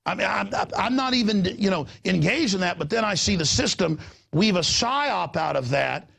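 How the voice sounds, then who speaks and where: A man hosting a show, talking in a rambling, animated way, stammering and repeating words. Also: high voice, normal speed, vocal fry, slightly rough. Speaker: host. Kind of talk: rambling on-air chat. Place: studio in Austin.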